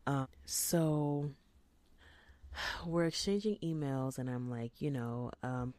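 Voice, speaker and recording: Low-voiced woman telling a story. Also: slow, no room sound. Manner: animated, chatty, drops into hushed asides. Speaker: podcast host. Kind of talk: casual storytelling monologue.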